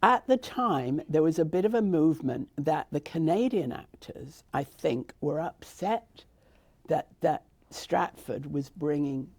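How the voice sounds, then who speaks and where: The speaker is an older British theatre founder being interviewed, her account rambling and conversational, full of restarts and side remarks. Her deep, slightly rough voice is animated yet unhurried, with a darkish tone.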